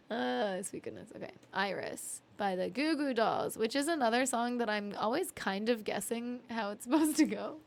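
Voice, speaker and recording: A woman's voice: a little high, normal speed, vocal fry. A woman streaming live from home, chatting and laughing between songs, sleepy and reading chat aloud. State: sleepy, yawning. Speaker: music streamer.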